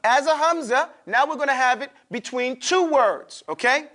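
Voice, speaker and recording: High-voiced man teaching a class. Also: normal speed, bright, forceful tone. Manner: drills pronunciation, checks in with "okay?". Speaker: Quran recitation teacher. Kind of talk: classroom lesson.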